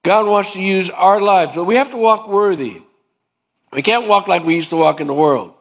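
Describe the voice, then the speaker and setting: Male pastor, fairly high voice, conversational sermon with voiced back-and-forth. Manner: conversational preaching, acts out both sides of dialogues.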